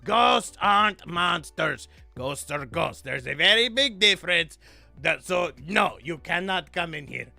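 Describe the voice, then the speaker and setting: A man's voice: sits high, lively intonation, a little slow, gravelly, sharp tone, no echo, faint music behind, exaggerated voice. A man voicing a haughty old-world vampire count, pompous and theatrical. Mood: indignant.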